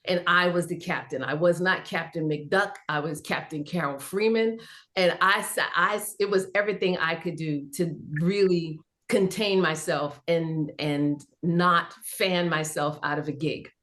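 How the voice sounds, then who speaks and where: A woman guest on a livestream panel, telling her story in a lively, animated way and acting out the people she quotes. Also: a little slow. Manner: lively, acts out quotes with big pitch jumps. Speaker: voice actor guest.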